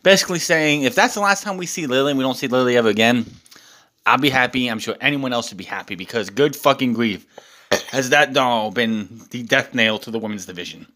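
A man's voice: mid-range voice, brisk, pushed and bright. A man recapping a wrestling show in a casual, exasperated rant, swearing often.

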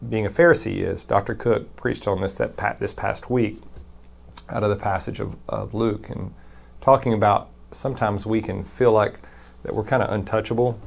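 Man, pastor, short devotion, low pitch, gravelly edge, casual delivery. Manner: conversational, reads Scripture aloud with emphasis.

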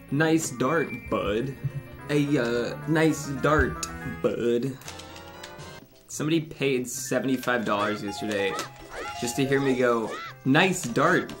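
Profane rambling young male streamer. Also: mid-range voice. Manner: profane, rambling, quick to laugh. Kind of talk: casual livestream commentary. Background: game music.

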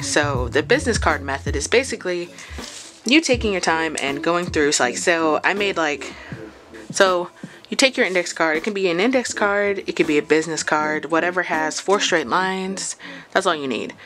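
Low-voiced woman explaining sewing steps. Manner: chatty, thinks aloud, restarts phrases. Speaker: sewing vlogger. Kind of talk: casual how-to explanation. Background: chill background music.

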